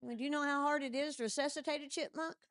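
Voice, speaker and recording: A woman comedian telling animated stand-up stories into a stage mic and laughing at her own jokes. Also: sits high, very fast, dry recording, studio quality.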